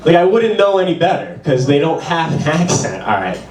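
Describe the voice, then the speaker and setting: A man's voice: a little high, sing-song, fairly quick, a crowd in the background. A man doing a stand-up comedy set, with a loose, rambling delivery full of "like". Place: small bar performance room. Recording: roomy, distant, with audience.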